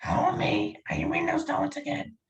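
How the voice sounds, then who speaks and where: A man's voice: very high voice, level tone, moderate pace, vocal fry, pitched above the performer's own voice. A man voicing a bumbling cartoon father with a nasal, whiny voice. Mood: teasing.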